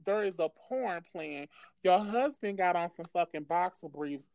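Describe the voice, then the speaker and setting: A woman's voice: fairly low pitch, moderate pace, creaky, no room sound. Profane woman telling a wild story. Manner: profane, animated, laughs often. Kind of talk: casual storytelling chat.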